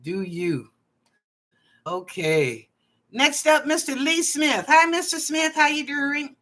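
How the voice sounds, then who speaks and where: Woman psychic host, live online readings from her apartment; bright tone, chatty and animated, drawls phrases for effect. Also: high voice, slow pace. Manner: animated and playful, drawing out phrases, chatty asides. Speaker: psychic reader and show host. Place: apartment at home.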